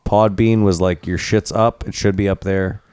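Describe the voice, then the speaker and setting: A man's voice: low voice, steady tone, moderate pace, darkish tone, clear, resonant tone, dry recording. A man co-hosting a podcast, chatting casually in a laid-back, rambling way. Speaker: podcast co-host. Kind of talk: casual chat.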